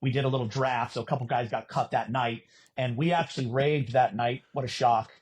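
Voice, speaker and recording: Husky-voiced man telling stories. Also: medium pitch, a little fast. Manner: animated storyteller, acts out quotes, swears casually. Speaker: podcast guest. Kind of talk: casual storytelling chat.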